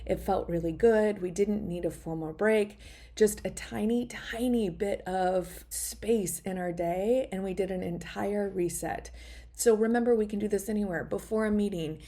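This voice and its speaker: A woman's voice: medium pitch, warm tone. A middle-aged woman hosting a podcast, leading listeners through a short wellness exercise in an upbeat, encouraging way, often checking in with "right?". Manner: upbeat, encouraging, narrates her own actions; frequent "right?" tag questions. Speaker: podcast host. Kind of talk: guided wellness talk.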